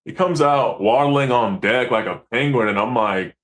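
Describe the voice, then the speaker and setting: A man, a commercial fisherman, telling stories in a casual, animated way, acting out quotes and swearing freely. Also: medium pitch, normal speed. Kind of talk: casual storytelling.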